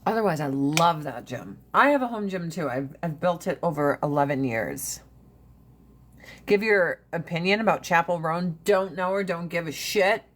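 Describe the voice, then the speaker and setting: A woman's voice: lowish voice, expressive, normal speed. A woman hosting a casual livestream chat, blunt and profane, rambling from one rant to the next. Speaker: livestream host.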